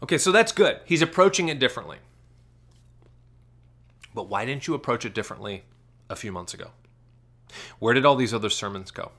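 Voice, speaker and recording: A man giving commentary on a clip, asking sarcastic rapid-fire questions. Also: mid-range voice, expressive, a bit bright.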